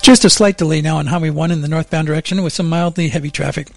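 A man on morning radio reading the traffic and weather report in a plain, measured way from a studio. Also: fairly high pitch, fairly even intonation, vocal fry, no echo, soft background music.

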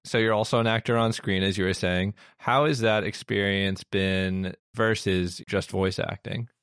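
A man co-hosting an interview, enthusiastic and quick to laugh. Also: fairly low pitch, fairly even intonation, fairly bright tone, smooth, no echo, studio quality. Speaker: co-host. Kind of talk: casual interview chat.

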